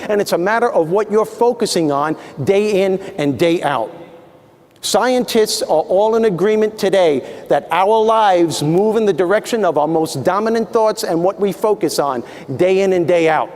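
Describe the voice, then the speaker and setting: A man giving a stand-up style motivational talk, animated and acting out voices for laughs. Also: high voice. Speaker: motivational speaker. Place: large hall with audience. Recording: live hall recording with reverb.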